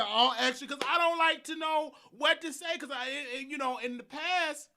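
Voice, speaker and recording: Southern guy rambling thru a story on his live show, high bright voice. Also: a little fast, hardly any pauses. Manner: rambling, repeats himself, animated, laughs a lot. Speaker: host. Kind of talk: casual live-stream storytelling.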